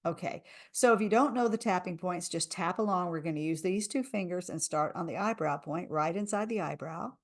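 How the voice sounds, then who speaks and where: A woman's voice: on the low side, fairly quick, hardly any pauses. A woman coaching a live tapping session, speaking soothing lines for listeners to repeat. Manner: soothing, leads repeat-after-me affirmations.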